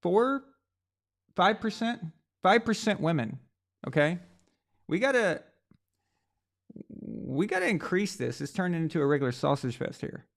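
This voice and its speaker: A man's voice: high-pitched, sing-song, a little slow, creaky, long pauses. Joking man hosting a live sports stream. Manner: joking, rambling, mock French voice at times. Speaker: host. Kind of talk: live-stream chat, reading viewer comments.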